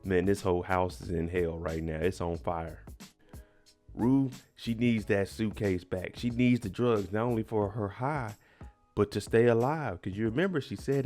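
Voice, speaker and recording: Low-voiced man recapping a TV episode. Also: normal speed, a little mellow, soft background music. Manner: chatty, emphatic retelling with slang and little laughs. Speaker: TV recap host.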